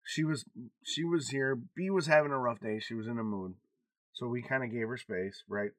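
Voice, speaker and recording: A man's voice: mid-range voice, moderate pace, no room sound, studio quality. A man in his forties co-hosting a podcast in casual chat, talking frankly and confessionally and swearing freely. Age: 40s. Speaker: podcast co-host.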